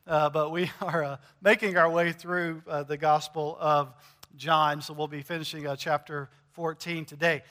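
A man's voice: a little high, little pitch movement, normal speed, bright, forceful tone, big-room sound. A middle-aged man, preaching a conversational sermon to his congregation with frequent "uh" fillers and light humor. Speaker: pastor. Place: church sanctuary.

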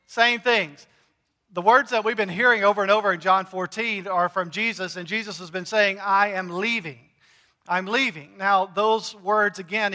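Preacher guy, middle-aged, high bright voice, chatty sermon full of uhs, church echo. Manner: conversational preaching with frequent "uh" fillers and humor. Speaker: pastor. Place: church sanctuary.

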